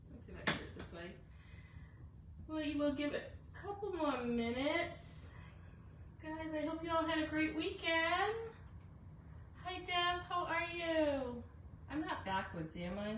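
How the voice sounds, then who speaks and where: A woman's voice: high voice, lively intonation, measured pace, long pauses, fairly bright tone. A woman hosting a casual live craft demo, chatty, greeting viewers by name with lots of fillers. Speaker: craft livestream host. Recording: echoey room, voice from a distance, faint noise.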